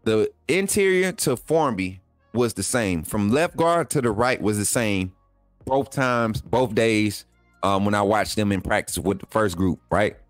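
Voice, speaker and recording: A man's voice: fairly low pitch, expressive, measured pace, dry recording, soft background music. A man, hosting a live sports stream in a chatty way, repeating himself and talking straight to his viewers. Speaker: sports channel host.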